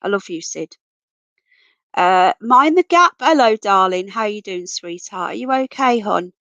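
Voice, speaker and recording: A woman's voice: mid-range voice, expressive, measured pace, a bit bright, no echo. A woman hosting a casual livestream, reading out viewer comments and greeting everyone as darling and sweetheart, while her voice is going from a cold. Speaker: livestream host. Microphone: computer mic, off camera.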